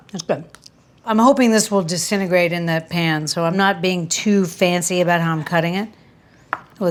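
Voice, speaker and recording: A woman's voice: fairly low pitch, a little hiss or hum, rough recording. Chatty woman hosting a cooking show. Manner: chatty, candid and self-mocking, with sudden exclamations. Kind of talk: casual cooking demonstration. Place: kitchen.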